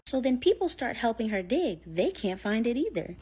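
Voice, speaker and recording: A woman's voice: fairly high pitch, animated, brisk, few pauses, breathy edge. A woman telling a scary story in a chatty, casual way, full of fillers, acting out what people said. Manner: chatty, filler-heavy, acts out quotes.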